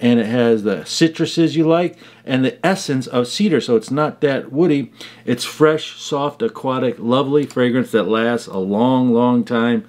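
A man reviews fragrances in a chatty, conversational vlog and tells little stories along the way. His voice sits at an ordinary mid-range pitch for a man. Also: measured pace, darkish tone. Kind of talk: casual product review vlog.

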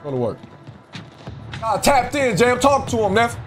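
A man's voice: very high-pitched, very animated, measured pace, music in the background. A man giving boisterous, taunting gameplay commentary in swaggering slang as a streamer. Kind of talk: trash-talking gameplay commentary. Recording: gameplay audio with noise behind.

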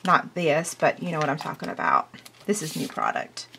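Chatty, excitable American woman crafter. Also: sits low, normal speed, gravelly, very noisy. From United States. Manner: chatty and excitable, talks while working. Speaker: craft demonstrator. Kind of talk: hands-on crafting tutorial.

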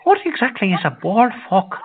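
A man's voice: sits high, very animated, a little fast, a little hiss or hum. A man playing a rambling, folksy prank caller who asks crude questions in an overly polite tone. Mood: mock-polite. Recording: lo-fi phone-like sound.

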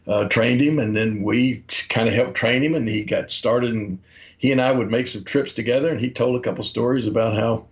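Medium-pitched and a little fast, this Memphis man keeps a steady tone as he rambles through anecdotes on a podcast he co-hosts, performing the quoted lines. The recording sounds dull and lo-fi.

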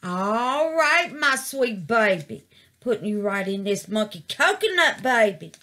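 Gushing woman, bright slow talk. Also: medium pitch, sing-song. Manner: gushing, calls viewers baby and y'all. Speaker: resin craft vlogger. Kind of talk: casual craft vlog.

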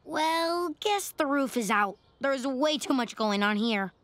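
Sarcastic cartoon tween girl, dry and cool, high with lively swings. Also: slow, no room sound, exaggerated voice.

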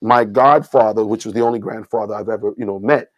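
A man's voice: fairly low pitch, fairly even intonation, fast, dry recording. A middle-aged man from New York City hosting a casual talk, telling stories emphatically, often repeating himself and checking in with "right?". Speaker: host. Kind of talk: casual conversational storytelling.

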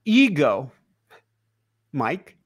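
A man as a guest teacher explaining things in casual conversation, animated and laughing often. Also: a little high, drawn-out words, husky.

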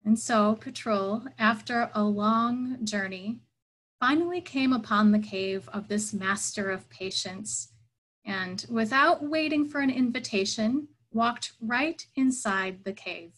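A woman's voice: fairly high pitch, slow pace, fairly bright tone, rough recording. A woman giving a reflective sermon at an online church service, earnest and thoughtful, telling a story.

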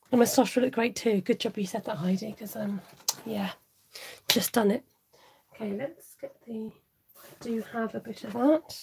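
Gravelly, mellow-voiced woman crafting live. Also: a little high. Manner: chatty, murmurs asides to herself, laughs often; reads out viewer comments. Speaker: card-making livestream host. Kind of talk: casual live crafting chat.

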